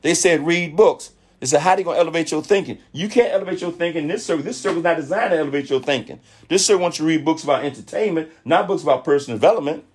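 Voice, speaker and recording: Husky, fired-up motivational man. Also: a little high, rapid-fire, hardly any pauses. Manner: preachy, animated, mimics others' voices in quotes. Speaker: network marketing leader speaking on a call. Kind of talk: motivational talk.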